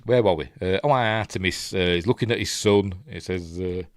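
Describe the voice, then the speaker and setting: Deep and smooth, the host's Yorkshire-accented voice moves at a moderate pace over clean studio sound with no room echo. He chats his way through a casual film breakdown, reading live chat and rambling until he loses his place.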